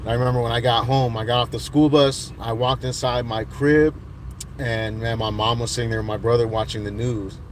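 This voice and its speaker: A man's voice: medium pitch, fairly even intonation, fairly quick, slight background noise. Laid-back man rambling through chat. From United States. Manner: rambling, laid-back, with many restarts and fillers. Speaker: livestream host reading chat. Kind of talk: casual chat.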